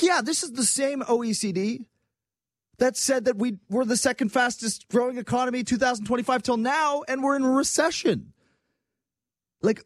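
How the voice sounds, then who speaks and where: A man from Quebec giving casual political commentary on his own program, animated and sarcastic. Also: high voice, no echo, studio quality. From Quebec, Canada. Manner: animated, sarcastic, quick asides.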